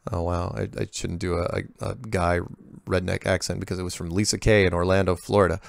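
Gravelly low-voiced man rambling casually. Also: little pitch movement, fairly quick, dry recording, clean studio sound. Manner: rambling, with frequent restarts and sarcastic asides. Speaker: host answering viewer emails. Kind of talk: casual monologue reading emails.

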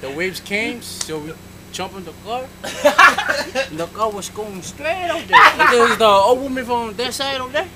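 A man's voice: lively intonation, normal speed, heavy background noise. A young man joking with friends outdoors, telling a story with lots of laughing and mimicking. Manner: laughing, mimicking screams in a high voice. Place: outdoors in a village with a group. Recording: loud crowd of friends around. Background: friends talking and laughing.

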